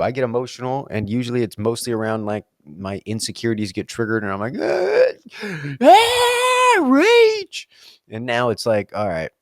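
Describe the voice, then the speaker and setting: A young adult man hosting a solo talk, musing casually and breaking into quick playful voices. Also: fairly low pitch, no room sound, studio quality. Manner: playful, acts out quick silly voices mid-thought. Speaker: solo podcast host answering reflective questions. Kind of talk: casual spoken reflection.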